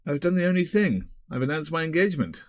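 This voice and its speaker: A man's voice: on the high side, very animated, quick pace, dry recording, studio quality, voice pushed up. A man voicing a breezy, rueful rogue.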